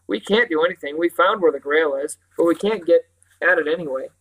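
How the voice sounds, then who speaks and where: A man reading a story aloud, voicing a sensible, sharp-tongued girl in a lifted, brighter tone. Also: a little high, a little fast, rough recording. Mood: dismissive.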